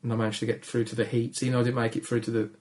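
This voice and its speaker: Gravelly, low-key man with a Black Country accent. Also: flat delivery, very fast, darkish tone. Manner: low-energy, shy, self-deprecating. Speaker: comedian guest. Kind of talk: casual podcast chat.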